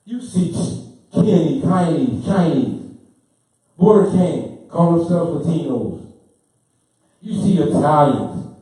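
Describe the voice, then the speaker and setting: A man lectures with fervent, preaching insistence and hammers his points through repetition. His voice sits high and mellow. He is heard from well off the mic in a very echoey room. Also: lively intonation, takes it slowly, long pauses. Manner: fervent, preaching, repeats himself, gets loud then apologizes. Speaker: speaker. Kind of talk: impassioned lecture. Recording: roomy, from far off the mic.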